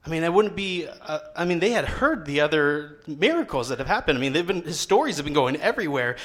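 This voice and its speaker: A man's voice: on the high side, brisk. A young man, a seminary student, preaching a casual sermon in a conversational way and acting out quotes. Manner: conversational, lively, acts out quotes with rising voice.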